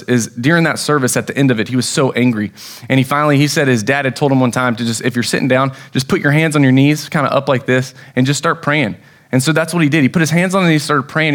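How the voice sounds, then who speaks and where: Young American male pastor, slightly raised pitch, casual storytelling sermon with excited bursts.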